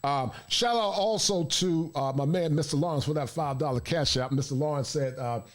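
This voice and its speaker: A man's voice: fairly high pitch, moderate pace. A man working as a therapist who hosts a talk show, speaking in an emphatic, preachy and frank way during a casual discussion. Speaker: podcast host and therapist.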